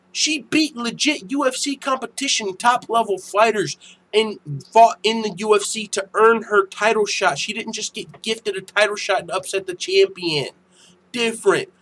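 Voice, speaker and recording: A young man hosting a casual MMA news channel, ranting in a profane, animated way that turns heated and loud. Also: sits high, breathy edge, rough recording. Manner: profane, animated, quick to get heated and shout.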